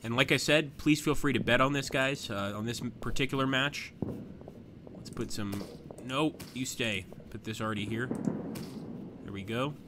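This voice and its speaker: A man commentating his own live stream of a strategy game, chatting to viewers as he plans moves, with sudden bursts of excitement. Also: mid-range voice, normal speed, noisy background.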